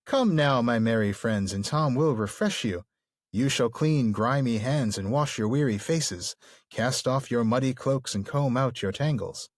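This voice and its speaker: A man's voice: medium pitch, lively intonation, a little slow, no room sound, clean studio sound. A man voicing a merry old male nature spirit, reading the lines aloud in a rhythmic, sing-song way. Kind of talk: reading a novel aloud on a podcast.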